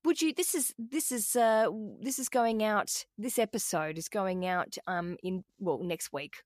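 A woman's voice: medium pitch, unhurried, no room sound, studio quality. A woman hosting a podcast, chatting casually and self-deprecatingly, swearing freely. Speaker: podcast host.

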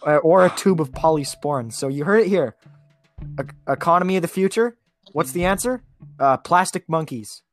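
A man from Alberta co-hosts a podcast and rambles through stories with plenty of fillers, laughing often. He talks in relaxed, casual chat, with faint guitar music behind him. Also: a little high, moderate pace. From Alberta, Canada. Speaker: podcast co-host.

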